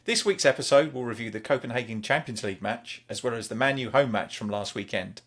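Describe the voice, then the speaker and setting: A man's voice: medium pitch, fast talker, fairly bright tone. Chatty man hosting a podcast. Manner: chatty, rambling, laughs easily. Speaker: podcast host. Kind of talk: casual podcast chat.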